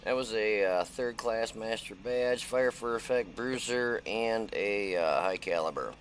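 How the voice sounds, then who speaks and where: In a lowish voice and at a slightly slow pace, a middle-aged gaming channel host narrates a replay of his tank match. The commentary is casual, chatty, and folksy, full of "uh" fillers, with a bit of hiss or hum in the recording.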